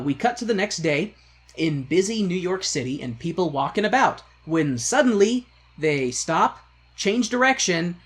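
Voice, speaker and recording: A man co-hosting a podcast in casual chat, retelling film scenes and acting out the characters' lines. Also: on the high side. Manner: animated retelling, acts out quoted lines. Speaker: podcast co-host.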